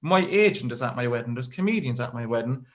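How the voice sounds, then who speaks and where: Irish man, thirties, stand-up comedian, rambling stories, dry asides, mid-pitched voice. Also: lively intonation, fast talker.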